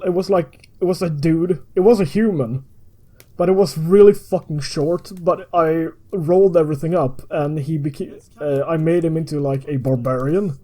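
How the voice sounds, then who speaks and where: A man's voice: a little high, a little mellow. A young man, a guest in a casual chat, rambling through a tabletop game story with chuckles and swearing.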